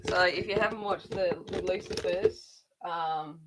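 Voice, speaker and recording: A woman's voice: on the low side, fairly even intonation, measured pace, very noisy. A middle-aged woman chatting casually while colouring, rambling along with frequent restarts. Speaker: adult colouring channel host.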